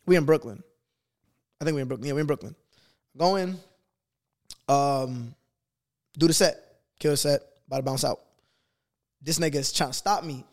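A man's voice: a little high, normal speed, long pauses, darkish tone. A young man from Boston, a singer and rapper, telling a story in casual slangy talk as a guest. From Boston, USA.

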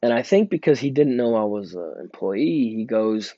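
A young adult store employee tells a loose, rambling story about work in a mid-range, mellow voice, animated and at a normal speed. He leans on fillers and keeps restarting. The sound is dull, lo-fi and dry.

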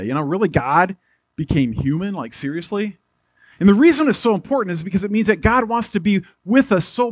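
A male pastor giving a church sermon in a conversational way, slowing down to stress key phrases. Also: high voice, fairly bright tone, slightly rough, dry recording.

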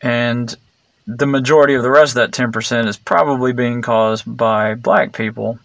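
Gravelly rambling man, blunt. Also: medium pitch, normal speed, a bit bright, no room sound. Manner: meandering, digressive, many fillers and restarts; blunt and sarcastic. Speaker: vlogger. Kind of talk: rambling opinion monologue.

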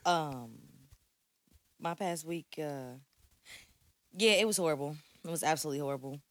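A woman's voice: deep voice, moderate pace, fairly bright tone, dry recording. A woman co-hosting a casual podcast, chatty and playful. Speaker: podcast co-host. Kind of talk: casual chat.

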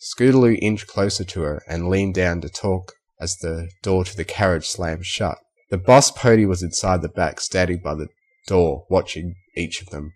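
A man reading fan fiction aloud as a narrator in a steady storytelling manner. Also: low voice, normal speed.

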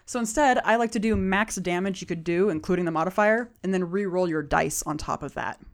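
Woman game master, low voice. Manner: unhurried descriptive narration. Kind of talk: narrating a tabletop game.

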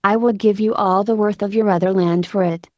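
A woman's voice: mid-range voice, steady tone, fairly quick, darkish tone, no room sound, dull audio, natural voice. A woman voicing a courteous, restrained man who is recovering his health. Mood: persuasive.

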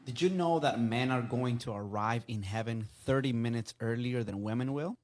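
A man delivering a short joke in a deadpan way, heard from a clip played back during a church sermon. His pitch is in the middle range. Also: moderate pace.

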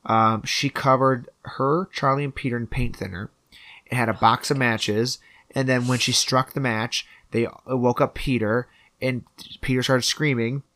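A man's voice: medium pitch, steady tone, moderate pace, bright, forceful tone, no room sound. Casual man recapping a film. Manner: casual, swears, quotes characters in passing.

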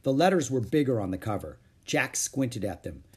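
A man reading a children's chapter book aloud, narrating gently and expressively. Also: medium pitch, very animated, normal speed, husky. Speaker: audiobook reader. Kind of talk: storybook read-aloud narration.

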